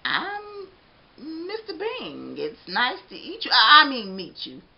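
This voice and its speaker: A woman's voice: high-pitched, huge pitch swings, takes it slowly, creaky, voice pushed up, full character voice. A woman reading aloud, voicing a sheepish grown man who stammers and hesitates. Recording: dull lo-fi recording.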